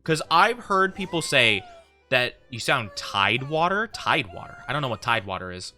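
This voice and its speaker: Chatty, animated VTuber streamer. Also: medium pitch, normal speed, soft background music. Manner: rambling, chatty with viewers. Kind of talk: casual live-stream chat.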